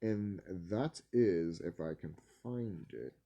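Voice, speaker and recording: A man's voice: sits low, slow, vocal fry, warm tone, highs cut off. A man vlogging casually, rambling and swearing, laughing easily and stumbling over his words. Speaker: video creator.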